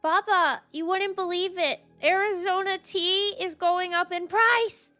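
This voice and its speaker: Her pitch is extremely high, though her pace stays unhurried. She's a woman livestreaming a game in casual chat, excitably ranting, swearing a lot, and breaking out in shrieks.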